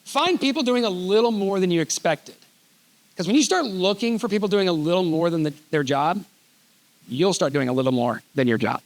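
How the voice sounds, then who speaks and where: A middle-aged man giving an animated storytelling keynote on a conference stage, joking as he goes. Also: sits high, a little fast. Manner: animated, reads letters aloud, jokey asides. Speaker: keynote speaker.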